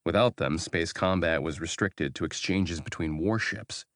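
A male audiobook narrator with a very low voice, reading in a measured, even storytelling manner. The recording is close and dry, with no room sound. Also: dry recording. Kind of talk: scripted narration.

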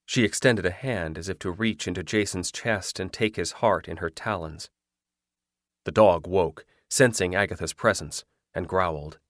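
A man narrating a ghost story in a measured, dramatic reading. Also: low-pitched, a bit bright, dry recording, studio quality. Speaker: audiobook narrator. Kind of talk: scripted narration.

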